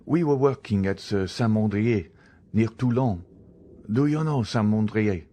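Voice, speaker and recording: A man's voice: fairly low pitch, measured pace, dark tone. A man reading the part of a frightened, evasive escaped convict pleading with a priest in an audiobook.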